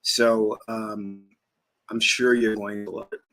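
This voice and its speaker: A man's voice: fairly low pitch, little pitch movement, a little slow, sharp tone. A man hosting his own channel as a spiritual teacher, chatting in a rambling, casual way and laughing as he talks, at times while eating. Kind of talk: casual vlog chat.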